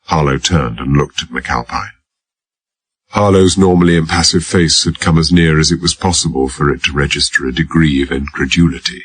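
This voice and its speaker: Very deep, husky male audiobook narrator. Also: moderate pace, no room sound. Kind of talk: scripted narration.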